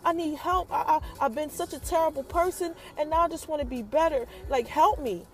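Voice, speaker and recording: A woman voicing a remorseful grown man who pleads for help in a quiet, shaky way. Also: high-pitched, a little fast. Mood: pleading.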